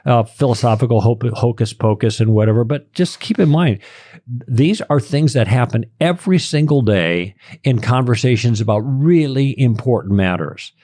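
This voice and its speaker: Here a Christian apologist guesting on a podcast lays out his arguments in a conversational but lecturing way, hitting key words hard. His medium-pitched voice is dark and expressive, delivered at a moderate pace in clean studio sound with no room echo.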